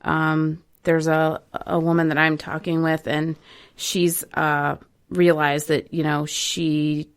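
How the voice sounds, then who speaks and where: A woman's voice: low-pitched, little pitch movement, slow pace, clean tone. A woman hosting a casual recovery radio talk show, talking conversationally with frequent fillers.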